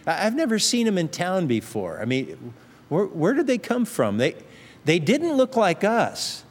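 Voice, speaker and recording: Man doing a wary gossiping townsman, jumpy high voice, echoing hall. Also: wildly swooping pitch, measured pace, full character voice. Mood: suspicious. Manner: nosy, wary questioning. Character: suspicious male townsman of ancient Jericho.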